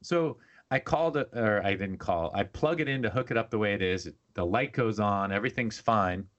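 A man's voice: on the low side, fairly quick, muffled recording. A man, co-hosting a podcast in casual chat, telling stories animatedly and acting out other voices. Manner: animated storytelling, acts out voices. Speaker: podcast co-host.

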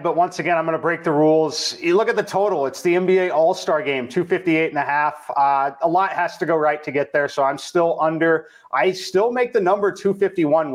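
A man on a sports betting panel, laying out his analysis in a measured way with hesitant restarts. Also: fairly high pitch. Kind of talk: casual panel chat.

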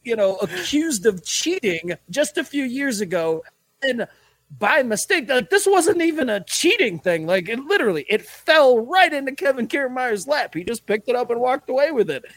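High, lively podcast guy laughing. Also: normal speed, no echo. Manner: animated, laughing, profane. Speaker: podcast co-host. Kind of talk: casual sports podcast banter.

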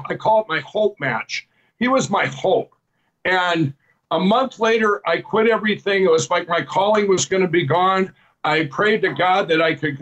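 A man with a notably high voice tells his life story as an interview guest. He rambles earnestly, retelling old conversations line by line with a string of "I said"s, and now and then laughs at himself. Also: a bit bright, highs cut off. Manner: rambling, repeats "I said" while retelling dialogue. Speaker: guest telling his testimony. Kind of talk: personal storytelling.

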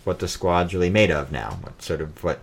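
A man's voice: sits low, expressive, fairly quick, vocal fry, slight background noise. A man co-hosting a football podcast, chatting in an easygoing way. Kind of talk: casual football chat.

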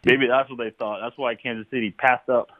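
A man chats as an interview guest, telling lively stories and breaking into laughter. His voice comes through a thin, phone-like line. The sound is dry and close, with no room around it. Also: mid-range voice, a little fast, dry recording. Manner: animated storyteller, laughs often. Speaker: guest, former football player. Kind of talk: casual interview conversation.

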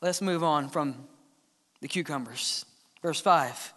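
A man preaching a sermon as the church's pastor, earnest, sometimes dropping to a hushed tone to press a point. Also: fairly high pitch, slow pace. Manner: earnest preaching, drops to hushed tones for emphasis. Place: church sanctuary. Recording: long church hall reverb.

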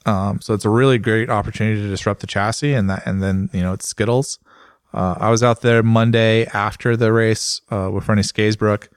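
A man, a motorsport journalist, chatting casually on a podcast and telling rambling, animated stories full of fillers. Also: lowish voice, a little fast, clear, resonant tone, no room sound, clean studio sound.

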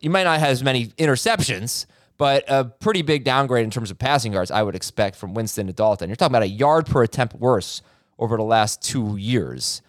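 A man hosting a fantasy football chat, reading quick injury updates and stats with a dry sarcastic streak. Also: mid-range voice, no echo. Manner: quick stat-heavy delivery, dry sarcasm. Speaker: podcast host.

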